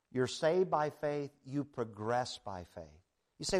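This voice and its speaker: A man's voice: mid-range voice, expressive, a little slow, a little mellow. A middle-aged male preacher giving a sermon, emphatic and conversational, asking the listeners rhetorical questions.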